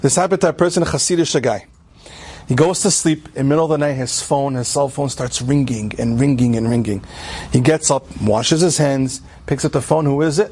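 A man giving an animated storytelling talk to a women's audience, often asking his listeners questions. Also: mid-range voice, fast, husky. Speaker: religious speaker.

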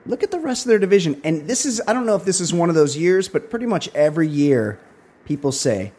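A man's voice: a little high, very animated, quick pace, a little mellow. A man co-hosting a podcast, chatting casually about football with wry, opinionated asides. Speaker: podcast co-host. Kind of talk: casual sports chat.

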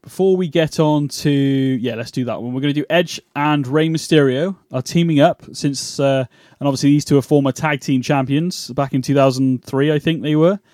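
A man's voice: a little high, moderate pace, darkish tone, no echo. UK man hosting a wrestling chat show, rambling and chatty, dry close sound. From United Kingdom. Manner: chatty, rambling, many fillers and restarts. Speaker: podcast host. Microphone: remote call setup.

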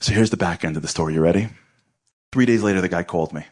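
A man from tells a personal story. He talks in a lively, joking, conversational way, with a slightly low voice. He is middle-aged. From Brooklyn, New York. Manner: lively, conversational, quick asides and humor. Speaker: inspirational speaker. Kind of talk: storytelling talk.

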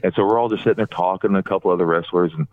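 A deep-voiced man tells a long, loosely strung story, piling one scene onto the next. He livens up when he imitates other people. The sound is thin and tinny, as if over a phone line, and bone dry. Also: racing, dry recording. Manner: rambling, animated when quoting others. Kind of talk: casual storytelling.

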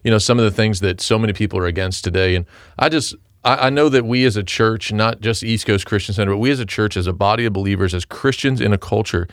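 A man's voice: fairly low pitch, quick pace, no room sound, studio quality. A man talking through a Bible chapter in casual conversation, rambling with many fillers and restarts. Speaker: pastor co-hosting a devotional talk.

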